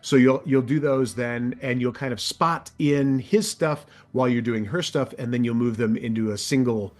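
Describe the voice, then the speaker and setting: Voice actor guy in an interview, chatty, keeps jumping his pitch all over to demo voices. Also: moderate pace. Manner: animated, swoops his pitch up and down to demonstrate voices. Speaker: audiobook narrator and voice actor, guest. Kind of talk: casual interview chat.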